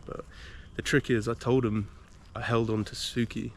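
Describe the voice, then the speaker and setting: A man's voice: mid-range voice, little pitch movement, moderate pace, slight background noise. A man from the UK, chatting casually to camera as a solo wild camping vlogger and explaining his gear step by step, recorded outdoors in a woodland. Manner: hushed, half-whispering. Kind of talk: casual vlog talk to camera.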